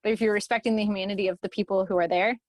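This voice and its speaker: A woman guest on a podcast interview, talking casually in an earnest, heartfelt way and sometimes dropping softly to a near whisper. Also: medium pitch, steady tone, rapid-fire, no room sound. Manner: warm, earnest, softens to near whispers when moved. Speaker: guest, event organizer.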